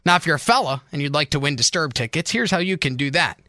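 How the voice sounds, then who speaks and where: A man's voice: fairly high pitch, animated, fast talker, pushed and bright, no echo, clean studio sound, soft background music. A man hosting a crude, joking radio talk show with a brash manner. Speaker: radio host.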